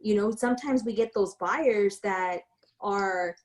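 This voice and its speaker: A woman's voice: medium pitch, a little slow, low-quality recording. A woman real estate broker giving a casual tutorial, telling stories in a chatty way full of fillers and restarts.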